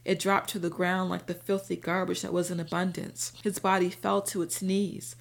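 A woman narrates a first-person audiobook in a steady, even way. Her voice sits low with a noticeable creaky, gravelly grain. She tells the story at an unhurried storytelling pace.

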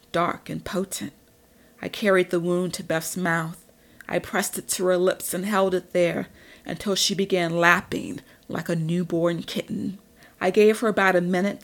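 A woman narrating a story in an audiobook, measured and even. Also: lowish voice. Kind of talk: audiobook reading.

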